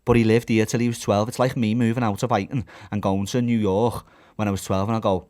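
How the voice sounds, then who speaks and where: A man's voice: on the low side, level tone, fast talker, darkish tone. A young man hosting a casual podcast, blunt and sweary, calling everyone "lad". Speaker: podcast host and fighter. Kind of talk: casual sporty banter. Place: indoor podcast studio.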